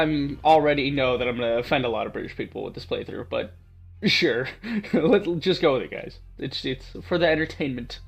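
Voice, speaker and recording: A man's voice: mid-range voice, expressive, a little fast, gravelly, husky, faint music behind. A man hosting a gaming channel, giving playful, joking let's play commentary to his viewers.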